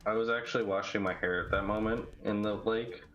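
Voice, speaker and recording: A man's voice: on the low side, fairly even intonation, lo-fi sound, over loud music. A man joking around as a player in a tabletop game. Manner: joking, quick wisecracks. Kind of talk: casual chat during a tabletop game.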